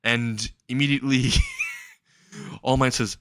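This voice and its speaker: A man's voice: medium pitch, steady tone, moderate pace, fairly bright tone, no echo. A man casually retelling a fan story, rambling and chuckling at his own jokes.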